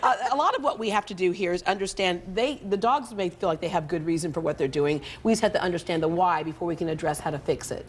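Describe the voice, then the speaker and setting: A woman's voice: on the low side, fast, hardly any pauses, slight background noise. A woman hosting a morning TV show, chatting casually and laughing easily. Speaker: TV talk show host. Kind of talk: casual chat. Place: TV studio.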